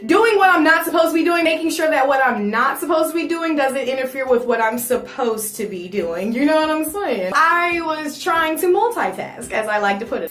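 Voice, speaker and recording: A young woman telling a personal story for her vlog, animated and swearing freely. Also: sits high. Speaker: vlogger. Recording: roomy echo, faint music.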